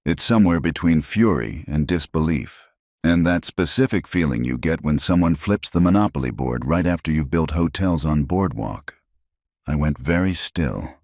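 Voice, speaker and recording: A middle-aged man narrating a first-person story in a measured way, with dramatic pauses. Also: a bass voice, a little mellow, no echo, clean studio sound.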